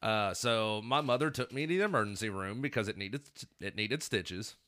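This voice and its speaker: Bright-voiced man telling a rambling story. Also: on the low side, expressive, normal speed. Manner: rambling, profane, laughs often. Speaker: podcast host. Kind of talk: casual chat, storytelling.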